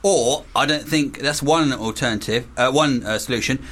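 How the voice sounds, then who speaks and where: A man's voice: medium pitch, normal speed, fairly bright tone. A man co-hosting a comedy radio show, teasing and playful. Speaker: radio co-host.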